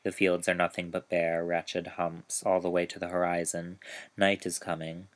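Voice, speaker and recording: A man with a very low, even voice reads a grim story aloud. He takes it slowly and keeps the telling measured, with little rise and fall. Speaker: author reading his story. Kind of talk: narrated story reading.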